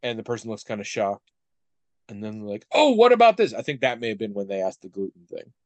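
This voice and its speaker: Here a man with a lowish, steady voice speaks at a quick pace on a dry recording. Chatting casually on a podcast, he tells a long story full of asides and keeps restarting his sentences.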